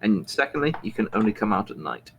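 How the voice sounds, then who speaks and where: A man's voice: fairly low pitch, sing-song, fast, dull audio, slight background noise. A blunt, snobbish ship captain, as a man plays him in a joke. He lays down his rules in a curt, dismissive way.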